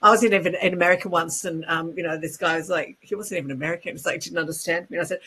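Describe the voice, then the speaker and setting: An Australian woman talks as a guest speaking coach, her voice sitting a little low. She rattles along in a chatty way with plenty of fillers. A faint hiss runs under the recording. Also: quick pace, hardly any pauses, pushed and bright, poor audio. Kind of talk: casual interview chat.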